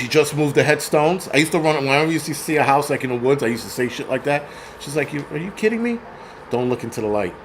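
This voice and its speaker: A man's voice: a little high, a little hiss or hum. A man in his forties hosting a casual livestream, rambling with plenty of swearing and answering chat as he goes. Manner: profane, rambling, reads chat aloud. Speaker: film review livestream host.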